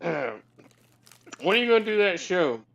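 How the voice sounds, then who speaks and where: A man in casual, crude chat on a voice call, joking and swearing with loud bursts. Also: sits high, big pitch swings, normal speed. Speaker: call participant.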